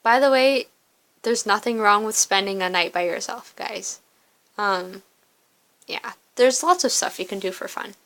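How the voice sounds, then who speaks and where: A woman's voice: medium pitch, a little slow, a bit bright, low-quality recording. A young woman who reads through a story game and chats about her choices, casual and self-mocking. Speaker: game player. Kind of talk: casual commentary while reading a story game.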